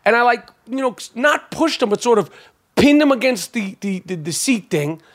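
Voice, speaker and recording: A man with a high-pitched voice tells a story on his podcast. He is loose and animated and curses freely. He stumbles through fillers and restarts as he talks. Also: normal speed. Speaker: podcast host.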